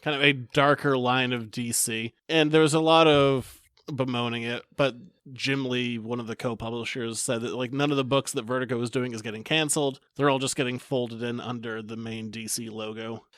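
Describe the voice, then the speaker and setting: A man's voice: medium pitch, steady tone, normal speed, a bit bright, clear, resonant tone, dry recording. Chatty male podcast host, dry sound. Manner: chatty, rambling news rundown with fillers. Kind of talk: casual chat.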